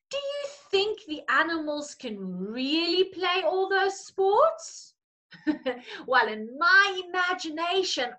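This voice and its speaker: Woman, very slow, bright tone, playful storytime teacher. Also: very high voice. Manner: animated, playful, coaxing. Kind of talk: reading a picture story to young children.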